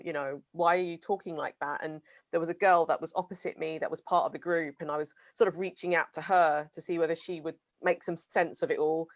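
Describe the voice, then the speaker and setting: A British woman with a low voice talks through a casual discussion, often pausing and softening her phrases. She co-hosts and speaks hesitantly. The sound is dry and close. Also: no room sound. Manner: hesitant, full of "sort of" and "kind of". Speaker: co-host.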